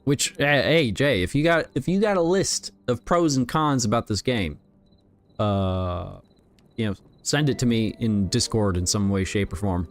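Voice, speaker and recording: A man chatting casually on a game livestream, rambling and relaxed as he talks to his viewers while playing. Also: mid-range voice, a little slow, faint music behind. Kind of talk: casual gaming livestream chat.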